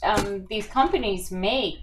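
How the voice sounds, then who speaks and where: A woman's voice: mid-range voice, slow pace, slight background noise, rough recording. A woman co-hosting a podcast in casual, rambling chat, often restarting her sentences. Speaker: podcast co-host.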